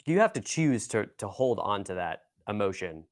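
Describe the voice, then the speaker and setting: A man's voice: lowish voice, sing-song, normal speed, dry recording, clean studio sound. A man hosting a podcast, musing in a thoughtful, casual way. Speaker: podcast host. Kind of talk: podcast conversation.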